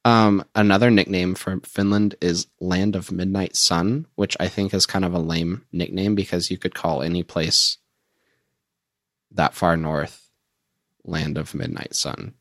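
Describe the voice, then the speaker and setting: A man with a very deep voice co-hosting a casual podcast. He is easygoing and jokey and often stumbles over his words. The sound is dry and close. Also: steady tone, unhurried, no echo. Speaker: podcast co-host. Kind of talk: casual chat.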